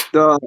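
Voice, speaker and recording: A man telling a family story in casual chat, animated and profane, acting out what people said. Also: no room sound. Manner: animated, profane, acts out quotes. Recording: dull, muffled mic.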